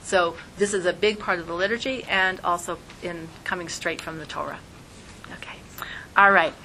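A woman teaching an informal class who talks in a lively way and acts out voices when she quotes people. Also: lowish voice, moderate pace, a little hiss or hum, low-quality recording.

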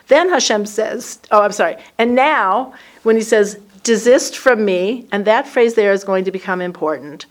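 Woman teaching a lively Bible class. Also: fairly high pitch. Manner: lively, acts out the dialogue in the text. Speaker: Torah study teacher.

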